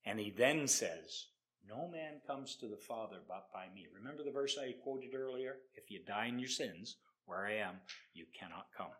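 A man preaching an evangelistic sermon, emphatic, swinging from loud declarations to hushed tones and often repeating himself. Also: fairly low pitch, expressive, normal speed. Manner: repeats words, restarts often.

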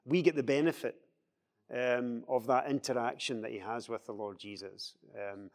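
A man leading a Bible study discussion, explaining scripture with lively acted-out quotes. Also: medium pitch, moderate pace, gravelly, big-room sound. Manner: animated, acts out quoted speech in a raised voice.

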